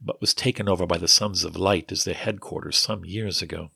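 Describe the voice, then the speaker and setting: A man's voice: low voice, steady tone, brisk, vocal fry, pushed and bright, husky, no room sound, clean studio sound, exaggerated voice. A man reading the lines of an earnest, businesslike messenger in an audiobook.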